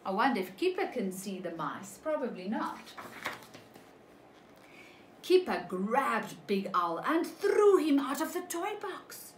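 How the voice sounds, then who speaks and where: A woman teacher reading a picture book to young children, slow and animated, stopping to ask them questions. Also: fairly high pitch, echoey room, a little hiss or hum, rough recording. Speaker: preschool teacher.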